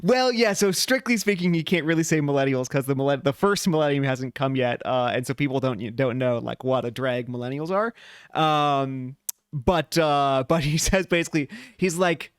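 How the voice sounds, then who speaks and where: Brief: male podcast co-host, smooth and resonant, dry close mic, lively casual chat. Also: mid-range voice, normal speed, no echo. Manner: animated, playful when paraphrasing old texts.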